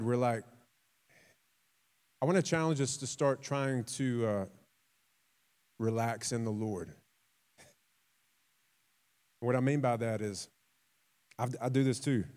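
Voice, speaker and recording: A man preaching a sermon, telling stories with acted quotes, repeating himself and dropping suddenly to a quiet voice. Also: on the low side. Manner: repeats and restarts words, conversational.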